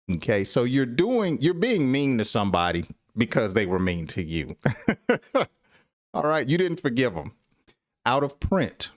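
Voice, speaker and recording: A man teaching an English lesson on a live stream. He laughs often and acts out example dialogues in a slightly higher voice. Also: big pitch swings, unhurried, no room sound, clean studio sound.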